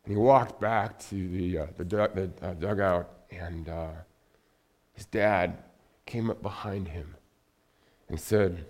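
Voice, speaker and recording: A man giving a church sermon in a conversational storytelling way, often restarting his sentences and dropping to a soft, low voice at heavy moments. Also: steady tone, slow. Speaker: pastor. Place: church sanctuary.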